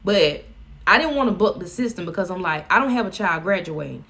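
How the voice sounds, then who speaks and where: A woman's voice: on the low side, expressive, fairly quick, fairly bright tone. A woman with a Southern US accent chatting casually on a live stream, folksy and joking. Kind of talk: casual chat.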